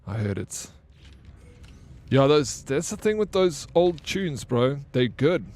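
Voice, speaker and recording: This young gamer banters with his live-stream chat, cracking jokes and swearing without restraint. His voice leans high with lively intonation and a darkish tone, delivered at a measured pace.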